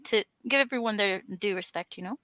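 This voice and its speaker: A woman hosting a casual group video call, upbeat and excited, talking over a call mic. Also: medium pitch, fairly quick, dry recording. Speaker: host.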